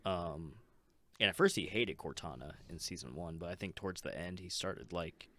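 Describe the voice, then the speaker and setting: A man co-hosting a podcast, talking in a relaxed, halting way full of fillers. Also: deep voice. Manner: relaxed, hesitant, many fillers. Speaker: podcast co-host. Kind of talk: casual chat.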